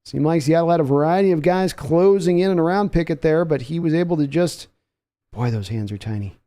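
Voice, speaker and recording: A man's voice: a little high, fast talker, warm tone, smooth. A man hosting a live sports podcast, calling play-by-play in a chatty manner and answering viewer comments. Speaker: podcast host.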